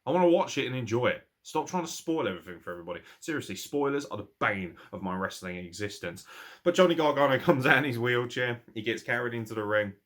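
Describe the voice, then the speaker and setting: An English man reviewing a wrestling show in casual talk, ranting and swearing freely, animated and quick to laugh. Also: mid-range voice. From England.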